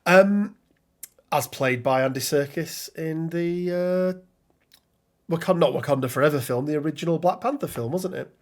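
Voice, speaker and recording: A man's voice: on the high side, moderate pace. A man co-hosting a casual tabletop game discussion, chatty, with frequent ums and restarts as he reads out card rules. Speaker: podcast co-host.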